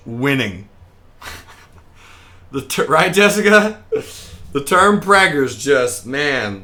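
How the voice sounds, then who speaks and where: A man's voice: mid-range voice, pushed and bright. A young man giving casual, joking live commentary on the market as he trades, reading viewer comments aloud and chatting back. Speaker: day trader streaming live.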